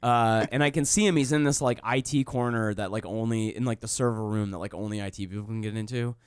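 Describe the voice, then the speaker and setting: A man's voice: on the low side, steady tone, fast, smooth, no echo, clean studio sound. A male comedian telling a story on a podcast, swearing freely and breaking into laughs as he goes. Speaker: comedian guest.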